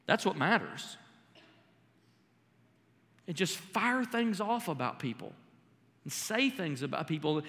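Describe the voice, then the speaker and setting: A man's voice: sits high, a bit bright. A man preaching a sermon to a congregation, addressing the room and building to a fervent, rising delivery. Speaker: pastor. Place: large church hall before a congregation. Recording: live hall reverb with faint music.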